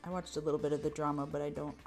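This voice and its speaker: A woman's voice: sits low, flat delivery, rapid-fire, darkish tone, soft background music. A woman streaming herself reading through a visual novel. She breaks off into casual, joking asides in her everyday voice. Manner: casual, swearing, self-mocking. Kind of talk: casual game read-through commentary.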